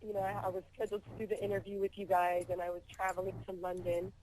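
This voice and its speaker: A hoarse woman phones in to a radio show, her voice worn from a cold yet chatty and upbeat. She speaks at a middle pitch over a faint hiss. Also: flat delivery, fast talker, a little mellow, low-quality recording. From Miami, Florida. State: hoarse, still sick. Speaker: pop singer calling in. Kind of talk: phone-in interview.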